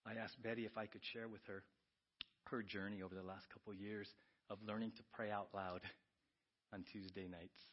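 A pastor preaching a sermon, swinging between loud, urgent questions and quiet, confiding asides. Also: male voice, lowish voice, level tone, brisk, dull audio.

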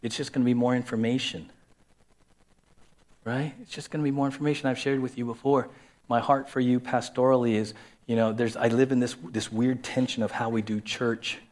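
A man's voice: mid-range voice, flat delivery, brisk, a little mellow. A man preaching a sermon as a pastor in a conversational way, repeating key phrases and acting out quoted voices.

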